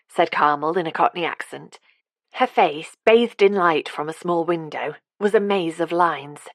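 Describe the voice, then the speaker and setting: A woman narrating an audiobook in a steady, even manner. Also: low-pitched, moderate pace, no room sound. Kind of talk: scripted narration.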